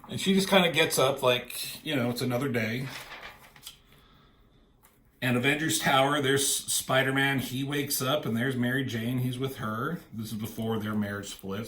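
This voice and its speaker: A man's voice: mid-range voice, a little slow, a bit bright, echoey room, slight background noise. A man casually retelling a comic book story, slipping into quoted lines from the characters.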